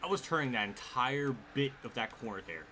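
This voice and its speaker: A man's voice: medium pitch, a little fast. Guy live streaming a racing game from his desk, fed up and cursing at it nonstop, plain middle voice, noisy background. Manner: exasperated, swearing outbursts at the game. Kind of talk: live gameplay commentary. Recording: steady background noise.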